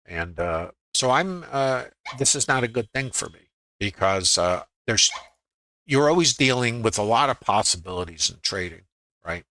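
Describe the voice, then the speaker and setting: Animated and moderately paced, a middle-aged man with a lowish, pushed and bright voice reviews his trades during a live screen-share stream. As a trading educator he thinks aloud, quoting his inner voice, and the recording has no room sound.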